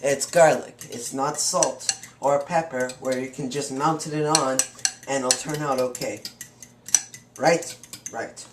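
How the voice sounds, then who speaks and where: Playing host of a comic cooking show, a young man boasts and jokes chattily through a home cooking demonstration. He speaks in a mid-range voice at a measured pace with fairly even intonation, amid heavy background noise. It's recorded in a roomy home kitchen with faint clatter of cutlery, pans and dishes.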